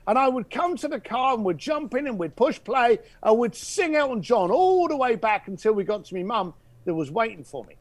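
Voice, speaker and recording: A man puts on an earnest caller who talks in fits and starts, padded with fillers. The voice sits high and swings widely in pitch, and it sounds close and dry. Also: big pitch swings, no room sound, full character voice. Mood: wistful. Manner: halting, hesitant, full of fillers. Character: earnest male caller, adult, sentimental fan.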